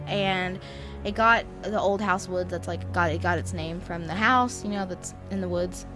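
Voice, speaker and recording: A woman's voice: lowish voice, normal speed, music in the background. A woman co-hosting a podcast in casual chat, playful and rambling, often giggling. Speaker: co-host.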